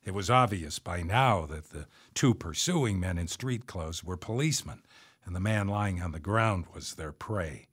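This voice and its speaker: Wry male memoir narrator, low voice. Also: expressive, measured pace, breathy edge. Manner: wry, conversational storytelling. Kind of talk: memoir audiobook reading.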